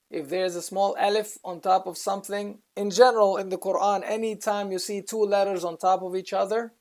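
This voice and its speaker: Gravelly-voiced man teaching Quran reading. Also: high voice, darkish tone. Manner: patient, explains slowly, recites Arabic words between explanations. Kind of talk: step-by-step recitation lesson.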